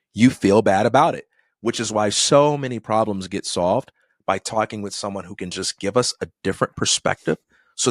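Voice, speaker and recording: A man's voice: lowish voice, no room sound. Thoughtful middle-aged man, dry close mic. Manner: thoughtful, acts out quoted people in dialogue. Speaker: podcast guest. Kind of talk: reflective conversational storytelling.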